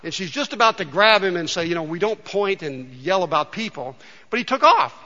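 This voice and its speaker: A male pastor preaching a sermon in a conversational, storytelling way, often dropping soft and quiet. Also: sits high, lively intonation, fairly quick. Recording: dull sound with long hall reverb.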